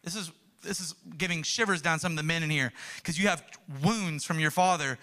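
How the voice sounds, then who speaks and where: Young man, pastor, high voice, earnest sermon, animated storytelling. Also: a little fast.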